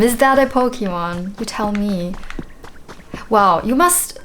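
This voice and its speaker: A woman's voice: mid-range voice, takes it slowly, a bit bright, slight background noise. Chatty woman playing a game. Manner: chatty, thinking aloud while playing. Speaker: gaming video creator. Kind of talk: casual let's-play commentary. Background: game music.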